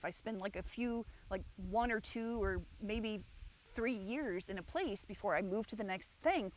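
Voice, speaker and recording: A woman hosting a livestream, talking frankly and meanderingly about her life from an outdoor rock garden, with frequent swearing. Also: medium pitch. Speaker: livestream host. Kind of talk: rambling personal chat.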